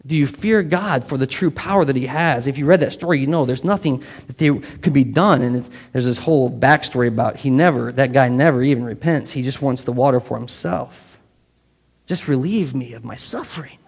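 In a church sanctuary with the long reverb of a large hall, a pastor preaches conversationally, often quizzing the people in the pews directly. His medium-pitched voice has a breathy edge and moves a little fast.

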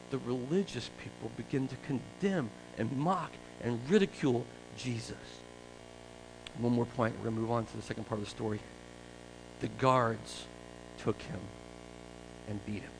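A man pastor preaching a sermon in a conversational, animated storytelling way. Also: lowish voice, gravelly, background noise.

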